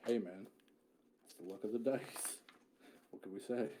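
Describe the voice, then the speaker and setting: A man's voice: fairly low pitch, steady tone, normal speed, dark tone, a little hiss or hum. A man narrating a tabletop game as game master, casual, often swearing and correcting himself mid-sentence.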